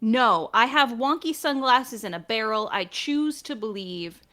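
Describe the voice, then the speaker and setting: A woman with a fairly high voice, taking her turn at a tabletop game. She speaks hesitantly and stops to check things, with plenty of fillers. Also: a little slow, sharp tone. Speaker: player. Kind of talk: casual tabletop role-play.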